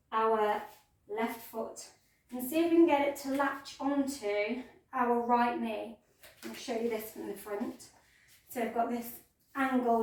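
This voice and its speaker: Woman yoga teacher, playful gentle cueing, higher voice, very echoey room, mic set back. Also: recorded from a distance. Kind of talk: guided yoga class instruction.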